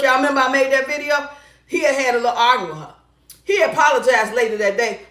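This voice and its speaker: Middle-aged woman vlogger, high-pitched, loud and blunt, swearing freely, in an echoey kitchen. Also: quick pace. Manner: loud, blunt and profane, with bursts of laughter. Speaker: relationship advice vlogger. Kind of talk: casual storytelling chat.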